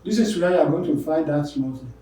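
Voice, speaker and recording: A man teaching an English pronunciation lesson, repeating example words slowly and with emphasis. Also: on the high side, lively intonation, mellow. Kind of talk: classroom lesson on word stress. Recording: very echoey room, voice from a distance.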